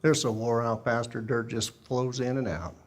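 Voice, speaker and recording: A man voicing a poor, humble old farmer who talks quietly and bursts into shouting. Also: medium pitch, flat delivery, normal speed, voice pushed down, close to an everyday voice.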